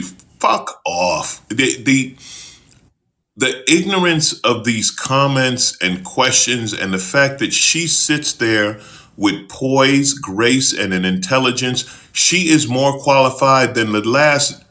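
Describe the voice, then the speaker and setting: A man's voice: mid-range voice, expressive, takes it slowly, sharp tone. A man hosting a show, delivering a heated, profane political rant that stumbles over repeated words. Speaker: host.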